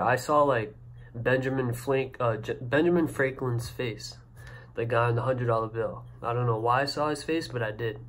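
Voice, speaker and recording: A young man telling a story to camera in a casual, excited, rambling way, full of "like" and "you know", recorded on a camera mic indoors. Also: medium pitch. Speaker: vlogger.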